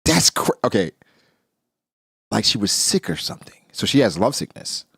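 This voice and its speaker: Man, excitable reaction commentary, husky, lively swooping pitch. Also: normal speed, no room sound, clean studio sound. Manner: excitable, exclaiming and joking. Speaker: manga reaction streamer.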